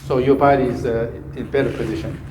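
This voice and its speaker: A man's voice: medium pitch, steady tone, fast, mellow. A man giving a hands-on golf swing lesson, repeating cue phrases and humming the swing rhythm. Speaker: golf coach. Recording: echoey room, faint background noise.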